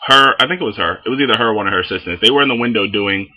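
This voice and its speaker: A young man telling a story in a casual vlog, animated and full of swearing. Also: fairly low pitch, very fast, slightly rough, dull audio. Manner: animated, heavy swearing, lots of fillers. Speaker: vlogger.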